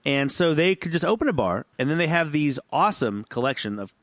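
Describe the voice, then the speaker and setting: A man's voice: fairly high pitch, sing-song, brisk, fairly bright tone, no echo. A man co-hosting a podcast in casual chat, tipsy, rambling, profane and laughing often. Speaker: podcast co-host.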